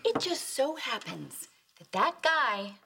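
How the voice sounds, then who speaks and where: An actress playing a young waitress and mother who jokes her way out of trouble with quick sarcastic quips. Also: high voice, sing-song, creaky, noisy background, heavily acted. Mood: sheepish. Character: wry, flustered young mother who fibs. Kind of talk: sitcom acting.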